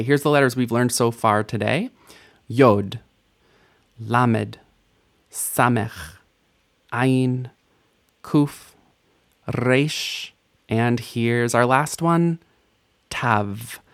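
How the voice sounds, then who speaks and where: Man, language teacher, slow-paced, playful, self-mocking. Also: medium pitch. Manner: playful, self-mocking, laughs at own jokes. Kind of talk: recorded language lesson.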